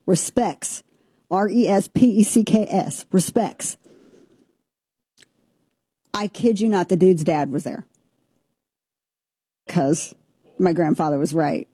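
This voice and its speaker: Animated lower-voiced woman telling a story. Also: takes it slowly, pauses often, breathy edge, no echo, studio quality. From Southern Missouri. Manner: animated, jokey, talks over herself. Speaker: show co-host. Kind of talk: casual storytelling chat.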